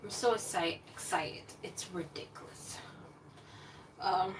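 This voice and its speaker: A fairly high-voiced woman chatting away on a live stream from her kitchen. She talks excitably, rambling from one thought to the next. The mic sits a little distant, with clear household noise behind her. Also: a little slow. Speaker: cooking livestream host. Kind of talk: casual live-stream chat. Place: home kitchen.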